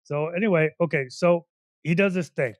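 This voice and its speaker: Male podcast co-host, 40s, rambling comic storyteller; slightly high pitch, dry sound. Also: normal speed, no room sound. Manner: rambling, animated, heavy on "you know what I mean". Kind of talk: casual comedic storytelling.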